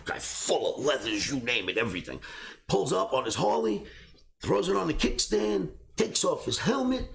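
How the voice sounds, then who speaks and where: A man hosting a trading show, telling a personal story in a casual, animated way and laughing between beats. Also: a little high, normal speed, gravelly. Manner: animated, laughs through his own stories. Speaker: trading academy host.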